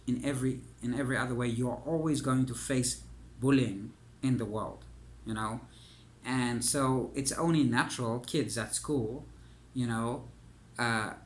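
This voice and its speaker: Halting man full of "you know". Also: mid-range voice, fairly bright tone. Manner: halting, filler-heavy, says "you know" constantly. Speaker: coach. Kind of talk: monologue.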